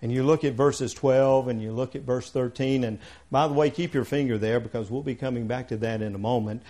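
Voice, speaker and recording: A man preaching a sermon, talking in a conversational way and asking the congregation questions, swinging from quiet asides to emphatic passages. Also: mid-range voice, steady tone, a little fast.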